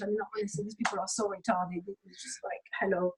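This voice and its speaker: A woman's voice: mid-range voice, little pitch movement, fast talker, few pauses, a little hiss or hum, low-quality recording. A woman from England, speaking as an interview guest in a blunt, sweary, emphatic rant. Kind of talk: casual conversational rant.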